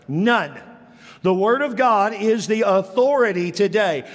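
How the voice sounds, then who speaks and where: Pastor guy preaching verse by verse, high voice, blunt, drags out key words, big reverb. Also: fairly bright tone. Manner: emphatic, slows down to stress key words; blunt, plain-spoken. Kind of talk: expository sermon.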